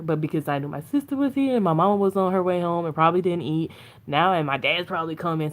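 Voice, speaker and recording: A woman vlogger chatting to viewers over her phone, telling stories and laughing often. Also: low voice. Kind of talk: casual chat to viewers on a phone stream.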